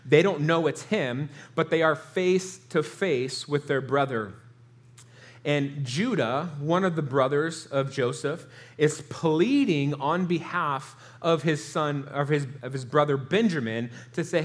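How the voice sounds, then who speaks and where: A man preaching a sermon with a somewhat high voice. He retells the scripture story in his own words and slips into the characters' pleading lines as he goes. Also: measured pace. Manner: storytelling, acts out quoted lines with rising emotion. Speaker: pastor.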